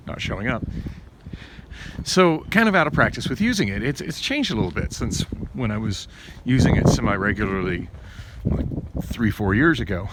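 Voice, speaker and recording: Against a noisy background, a man vlogs a rambling rant about a bad ride, telling it casually with lots of fillers and restarts. His pitch climbs whenever he gets agitated.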